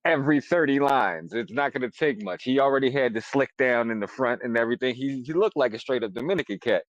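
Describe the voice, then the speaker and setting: A man's voice: medium pitch, animated, quick pace, dry recording, dull audio. A man co-hosting a podcast in casual chat, rambling and profane, often searching for words. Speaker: podcast co-host.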